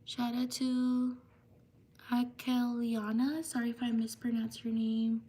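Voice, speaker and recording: A woman hosting a live stream, slowly reading out viewers' names with thanks, at times slipping into a soft whisper. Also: fairly high pitch, level tone. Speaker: livestream host. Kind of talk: live stream shout-outs.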